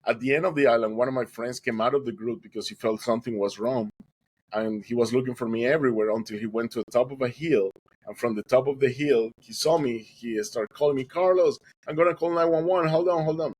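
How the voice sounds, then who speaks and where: A man's voice: medium pitch, darkish tone, slightly rough, rough recording. A man guest on a podcast, earnestly telling a dramatic personal story and acting out what people said. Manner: earnest, dramatic retelling with acted quotes.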